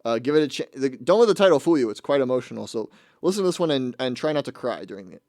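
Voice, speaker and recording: A man's voice: medium pitch, animated, fast talker. A man hosting his own radio show, chatting casually between songs in a rambling, amused way and often correcting himself mid-sentence. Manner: rambling, amused, with frequent restarts and self-corrections.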